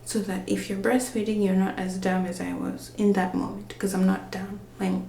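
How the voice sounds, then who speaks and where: A woman's voice: medium pitch, flat delivery, moderate pace, vocal fry, dark tone, roomy sound, a little hiss or hum. A woman vlogging in a rambling, chatty way, often dropping to a whisper so she won't wake a napping baby. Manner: rambling, chatty, with many fillers. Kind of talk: casual vlog.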